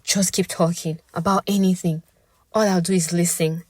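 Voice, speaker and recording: A woman voicing a young male friend high on drugs, erratic, pleading and menacing by turns. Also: fairly even intonation, moderate pace, a little mellow, dry recording, studio quality, natural voice. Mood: shaky. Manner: pleading then ferocious, shaky.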